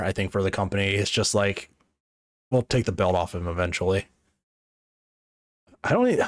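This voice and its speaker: A man's voice: fairly low pitch, no room sound, clean studio sound. A man co-hosting a wrestling podcast, chatting casually with a lot of swearing and laughter. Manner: profane, laughing, rambling. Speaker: podcast co-host.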